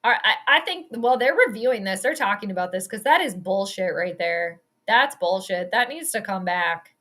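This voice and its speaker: A young adult woman hosting a live stream, giving rambling, excitable fan commentary on a football game and swearing at the calls. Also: a little high, moderate pace. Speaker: host.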